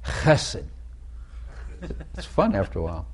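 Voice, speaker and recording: A man's voice: mid-range voice, expressive, unhurried, a little mellow. A man preaching an informal sermon, talking conversationally, repeating phrases and putting questions to his listeners.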